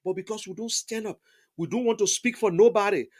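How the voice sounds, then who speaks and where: High-voiced Liberian man, emphatic testimony. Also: fairly quick, darkish tone, husky. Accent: Liberian English. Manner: emphatic and repetitive, stacks restatements, stammers on words. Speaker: interviewee, political supporter. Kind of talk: impassioned conversational testimony.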